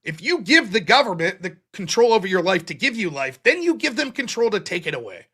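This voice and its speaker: Forties male show host, high and bright, blunt and profane, acts out quotes. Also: big pitch swings, fairly quick, husky. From United States. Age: 40s. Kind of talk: casual political monologue.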